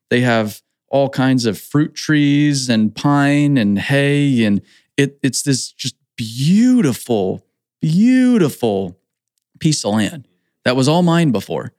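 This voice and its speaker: A man's voice: medium pitch, darkish tone, clean tone, no room sound, clean studio sound. A man hosting a casual conversation, enthusiastic and upbeat, often saying "like".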